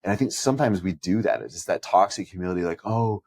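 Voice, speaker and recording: A man's voice: low voice, animated, fast talker, darkish tone, dry recording. A man co-hosting a podcast who also preaches, telling personal stories in an earnest, reflective way. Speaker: podcast co-host and pastor. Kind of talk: conversational podcast chat.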